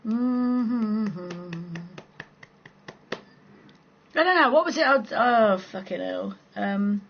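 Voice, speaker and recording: A woman's voice: medium pitch, expressive, extremely slow, creaky. A woman hosting a casual late-night live chat, reading out comments and answering bluntly, swearing and laughing often. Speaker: live-stream host. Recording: slightly dull sound with faint background hiss.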